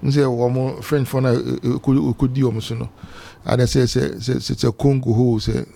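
A man hosting a relaxed sports talk radio show, often answering with short backchannel replies. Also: medium pitch, moderate pace, gravelly, no room sound. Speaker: radio host.

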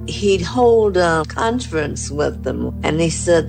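A woman's voice: low voice, animated, takes it slowly, vocal fry, few pauses, music in the background. An older woman being interviewed, telling stories of her acting career with laughter. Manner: warm storytelling with laughs. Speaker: interviewee, actress. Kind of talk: interview recollection.

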